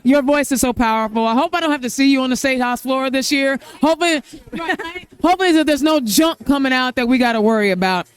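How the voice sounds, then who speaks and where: This podcast host is a middle-aged woman from Indiana interviewing people at a campaign event venue. Her high voice moves at a quick pace with a clear, resonant tone, and she comes across as effusive and emotional.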